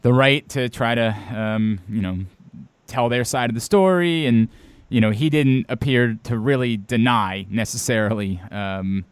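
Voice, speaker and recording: A man's voice: mid-range voice, unhurried, clear, resonant tone, no echo. A man in his thirties from Baltimore, co-hosting a casual podcast chat, talking bluntly and emphatically with some swearing.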